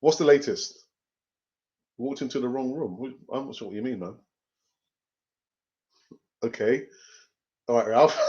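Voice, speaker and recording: Man, casual live-stream host, laughs a lot, lively pitch, lo-fi sound. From North London. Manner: chatty, laughs often, does quick voices. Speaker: fan channel host.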